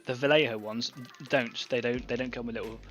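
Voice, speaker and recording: Man, live-stream painting host, chatty, thinks aloud with fillers, mid-pitched, soft music underneath. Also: fairly even intonation, brisk, dull audio. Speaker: online painting club host.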